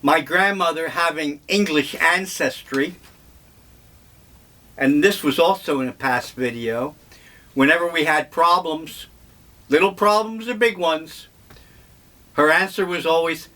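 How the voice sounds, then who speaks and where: An older man vlogging, telling memories in a slow, wry, meandering way. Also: a little high, bright, forceful tone. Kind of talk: casual reminiscing monologue.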